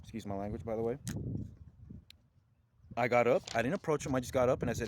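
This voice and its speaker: A man's voice: mid-range voice, fast, pauses often. Indignant man ranting over background noise. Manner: agitated, indignant, repetitive, swears. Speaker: vlogger filing a complaint. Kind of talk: angry rambling complaint to camera.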